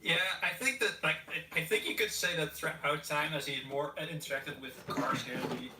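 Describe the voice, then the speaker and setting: A man's voice: on the high side, moderate pace, sharp tone. A man in a casual chat as a guest, talking hesitantly and often stammering and restarting his sentences. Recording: roomy, distant, noisy.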